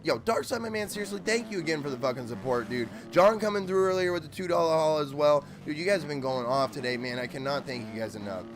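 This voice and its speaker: He talks quickly, with a slightly high voice and hardly any pauses, as he streams a motocross game with bike engine sounds behind him. It's casual gaming chatter, sweary and meandering, packed with "like" and "dude."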